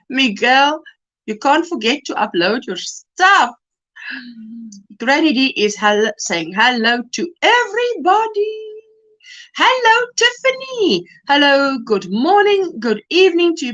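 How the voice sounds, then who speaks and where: Woman hosting a craft livestream, high voice, bouncy and chatty, says hi to everyone by name. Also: big pitch swings, normal speed. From South Africa. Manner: chatty, greets viewers warmly by name; reads weather reports aloud. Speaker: livestream host. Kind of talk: casual chat reading comments aloud.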